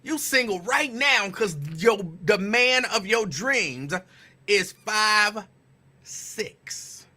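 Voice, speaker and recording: High, bright-voiced man teasing listeners. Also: lively intonation, drawn-out words. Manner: playful teasing, loud emphatic bursts. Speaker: radio host. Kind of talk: casual live-show chat reading listener shout-outs.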